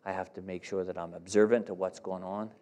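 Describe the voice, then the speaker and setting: A man's voice: low-pitched, flat delivery, fairly quick, warm tone. A man preaching a sermon, emphatic and conversational, putting direct questions to his congregation. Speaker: pastor.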